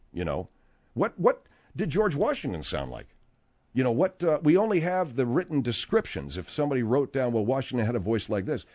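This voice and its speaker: A man hosting a talk radio show, rambling and animated, with frequent restarts as he talks. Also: mid-range voice. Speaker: radio host.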